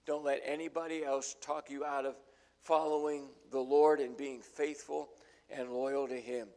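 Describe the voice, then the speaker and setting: An older male pastor giving a folksy sermon full of homespun stories. His voice is gravelly, with a middling pitch, and his delivery swells and drops as he tells the stories. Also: level tone, measured pace, mellow. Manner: folksy storytelling, acts out quotes.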